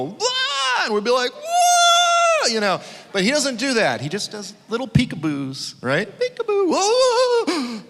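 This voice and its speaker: Animated male preacher, bright forceful voice slightly high, reverberant hall, storyteller who shouts out quotes. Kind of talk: conference sermon.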